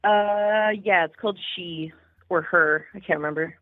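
A woman's voice: on the low side, moderate pace, no room sound. A young woman with a Canadian accent calls in over a tinny, phone-like line. She talks candidly and chattily, and the sound is dry. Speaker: caller. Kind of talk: casual phone-in chat.

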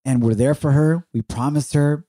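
Middle-aged male podcast co-host, warm dark tone, earnest and encouraging, dry close mic. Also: fairly high pitch, normal speed, dry recording. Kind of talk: heartfelt conversation with his wife.

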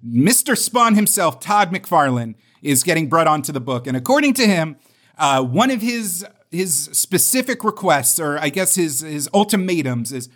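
Joking, animated man on a podcast. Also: on the high side, moderate pace. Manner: joking, animated storytelling with quoted voices. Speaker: podcast co-host. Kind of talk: casual comics podcast chat.

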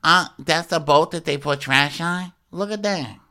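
A man's voice: on the high side, a little slow, sharp tone, clear, resonant tone, pitched above the performer's own voice. A man putting on the voice of a brash, blunt reality-show woman who talks offhandedly.

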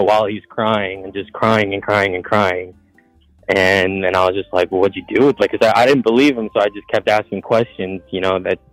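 Male caller, lowish voice, profane rambling storyteller, dry close sound. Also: no echo, rough recording. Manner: profane, rambling, quotes others. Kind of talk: casual storytelling.

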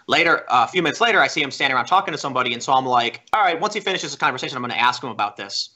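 A man talking as a podcast guest, telling a story in animated, casual chat full of "like" and restarts. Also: medium pitch, very fast.

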